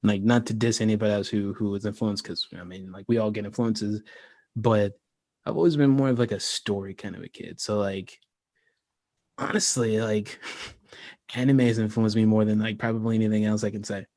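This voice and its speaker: An American man, creator of a fantasy world, chats about it on a livestream at a moderate pace in a lowish voice. His manner is relaxed and wandering, with lots of "like"s and regular laughs, on a dry recording.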